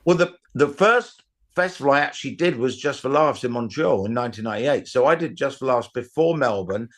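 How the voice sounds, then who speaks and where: A middle-aged comedian telling rambling anecdotes in a casual interview, with restarts and acted-out quotes. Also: male voice, medium pitch, expressive, a little fast. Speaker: comedian guest.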